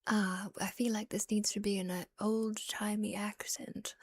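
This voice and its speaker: A woman streamer softly whispering and rambling with giggles in a relaxed ASMR chat, close to the microphone. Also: mid-range voice, takes it slowly, long pauses, slightly rough, no room sound.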